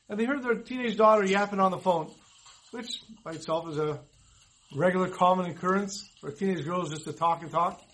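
A man with a notably high voice preaches in an earnest storytelling manner. He acts out the dialogue of the people in his stories and keeps an even, instructive flow. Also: low-quality recording. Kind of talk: sermon with storytelling.

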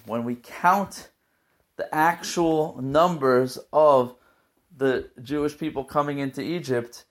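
A man giving a weekly Torah portion talk as a teacher, telling the story in an earnest, emotional way. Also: medium pitch.

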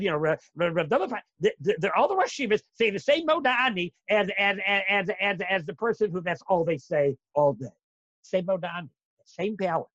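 A man teaching a religious lesson, acting out inner voices dramatically and bursting into shouts. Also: high voice, breathy edge, dry recording. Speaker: Torah teacher. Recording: dull lo-fi dry recording.

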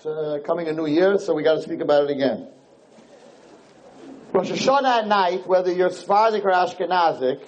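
High-voiced animated rabbi lecturing. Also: male voice, rough recording. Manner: animated, joking, rhetorical questions, swings high in pitch when acting out people. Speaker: rabbi teaching a Torah class. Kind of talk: live Torah lecture to a room.

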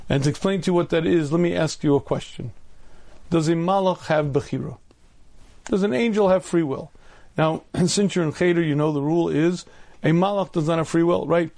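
A man in his fifties, a rabbi giving a storytelling Torah lecture, often clearing his throat and using humor. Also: a little high, darkish tone. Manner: humorous, acts out voices in anecdotes.

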